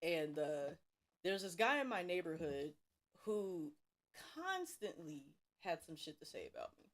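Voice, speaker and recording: A young woman from Cincinnati, streaming while she draws, tells school stories in a casual, profane, animated way with bursts of laughter. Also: fairly low pitch, measured pace. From Cincinnati, USA. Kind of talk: casual storytelling while drawing.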